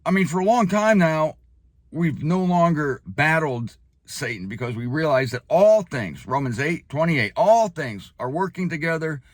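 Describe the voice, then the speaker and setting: A man giving spoken Bible teaching in an emphatic way, slowing down hard on key phrases and leaping up for emphasis. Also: no room sound. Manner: animated, leaps up in pitch for emphasis.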